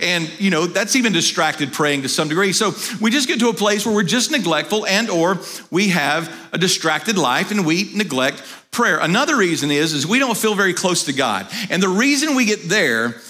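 A man's voice: sits high, lively intonation, moderate pace, pushed and bright. A middle-aged male pastor giving a sermon, telling stories in a conversational way and acting out quotes. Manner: conversational storytelling with acted quotes.

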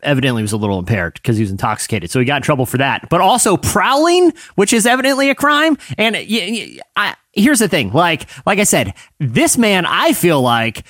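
Animated, ranting podcast host man. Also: a little high, fairly quick, few pauses, no room sound, studio quality. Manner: animated ranting with frequent "like" and laughter. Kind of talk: casual comedic podcast banter.

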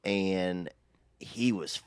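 A man's voice: sits low, very slow, a crowd in the background. A young man co-hosting a podcast, telling stories in a laid-back, profane way full of "bro" and "dude". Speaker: podcast co-host. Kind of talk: casual storytelling chat.

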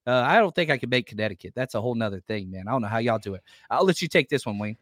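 Lively relaxed man co-hosting. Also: mid-range voice, very fast, no room sound, clean studio sound. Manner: relaxed, lively, reads stats and super chats. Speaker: podcast co-host. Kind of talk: casual sports podcast chat.

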